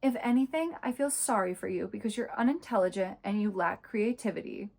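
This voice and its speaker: A woman's voice: mid-range voice, brisk, vocal fry, darkish tone. A woman voicing a cold, haughty young woman student who talks down to others. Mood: condescending.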